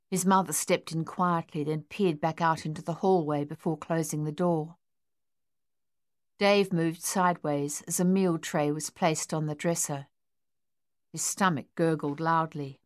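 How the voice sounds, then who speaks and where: Female narrator, low pitch, dry studio sound, even measured storytelling. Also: no room sound. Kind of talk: audiobook narration.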